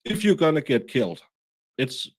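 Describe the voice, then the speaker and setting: A man hosting a casual livestream, halting and full of fillers, reading chat comments aloud. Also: fairly high pitch, sing-song, no room sound. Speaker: livestream host.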